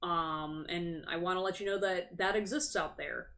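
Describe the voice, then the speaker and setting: A woman's voice: on the low side, steady tone, moderate pace, fairly bright tone. A woman hosting a tarot livestream, chatting casually, frank and sympathetic, swearing freely. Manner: sympathetic and sassy. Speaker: tarot reader and livestream host. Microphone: streaming setup.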